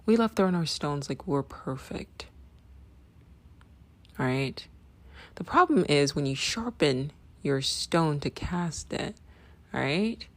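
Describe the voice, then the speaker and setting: A woman's voice: low-pitched, very animated, slow, pauses often. A woman hosting a podcast who talks bluntly, repeats her points for emphasis and keeps checking in with "right?". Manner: emphatic, repeats phrases, asks "right?" often; blunt, swears freely. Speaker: podcast host. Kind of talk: casual opinion monologue.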